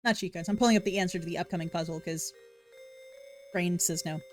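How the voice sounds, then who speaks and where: A woman's voice: fairly low pitch, fairly even intonation, quick pace, pauses often, soft background music. A woman streamer reading a game's story text aloud, giving the first-person lines a dramatic read and breaking off for wry asides and self-corrections. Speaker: game streamer.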